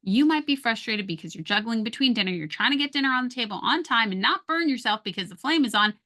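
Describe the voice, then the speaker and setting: Calm woman coaching parents on tone. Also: fairly high pitch, fast talker. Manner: calm, coaching, acts out soft and sharp tones. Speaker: guest, parenting communication coach. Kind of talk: conversational advice on a podcast.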